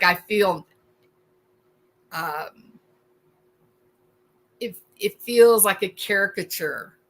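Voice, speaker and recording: A woman in her forties hosting a casual livestream, animated and wry, laughing often as she reacts to chat. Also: mid-range voice. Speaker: host.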